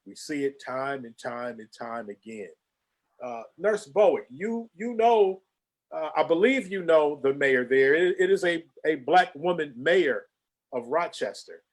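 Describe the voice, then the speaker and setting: A man's voice: on the high side, lively intonation, unhurried. A man hosting an interview show over a video call, often repeating words as he starts his questions. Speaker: host.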